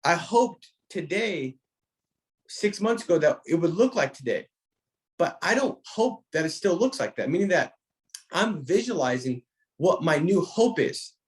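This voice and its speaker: A man's voice: fairly high pitch, sing-song, a little slow. A man giving a motivational talk to sales agents, with an emphatic, preacher-like cadence, repeating phrases and restarting his sentences. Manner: frequent restarts, speaks directly to a listener by name. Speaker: insurance sales trainer.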